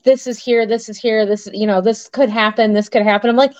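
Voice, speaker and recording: An excitable woman rambles through a casual podcast chat and acts out what others said. Her voice is dry and close. The audio sounds slightly dull and lo-fi. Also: a little high, a little fast, no room sound. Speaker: co-host of a paranormal podcast.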